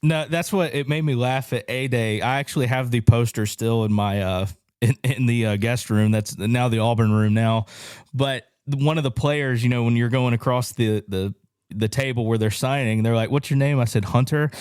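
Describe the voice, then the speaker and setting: A man's voice: medium pitch, fairly even intonation, normal speed, a little mellow, clean tone, dry recording, clean studio sound. A young man co-hosting and producing a podcast, chatting casually with plenty of fillers. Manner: chatty, heavy fillers, laughs easily. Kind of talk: casual chat. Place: podcast studio. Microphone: studio microphone.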